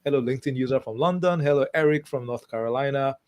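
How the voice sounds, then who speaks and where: A man's voice: medium pitch, fast talker, darkish tone. A man from Nigeria hosting a live interview podcast, chatty and laughing easily as he greets viewers by name. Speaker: podcast host.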